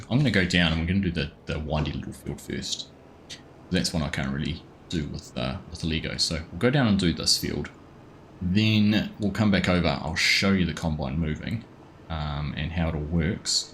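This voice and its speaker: A deep-voiced Australian man chats easily on a live game stream, greeting viewers one by one in a relaxed, friendly way. He talks from a home desk, and there is a faint hum of ambience behind him. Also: fairly quick. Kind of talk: casual live stream chat.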